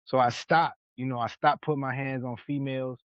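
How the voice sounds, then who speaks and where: Animated storytelling man, dull lo-fi sound. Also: mid-range voice, brisk, no echo. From New York. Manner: animated, acts out other people's lines in his stories. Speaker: podcast host. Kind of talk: casual storytelling chat.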